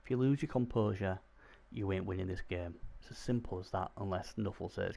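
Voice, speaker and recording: A man commentating live on a video game stream, chatty and excitable, talking to his viewers. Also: low voice, brisk, gravelly. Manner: chatty, excitable, talks to chat.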